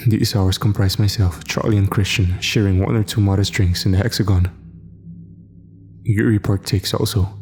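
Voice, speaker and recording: A man tells a scripted horror story in a measured, first-person way. His voice is low, and faint music plays underneath him. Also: a little mellow. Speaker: narrator.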